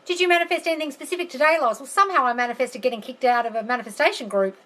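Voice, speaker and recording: High-pitched, racing and sharp, a woman talks through a casual livestream on her phone at home. She moves about into the kitchen while reading and answering viewer comments, blunt and chatty, swearing and calling people darling.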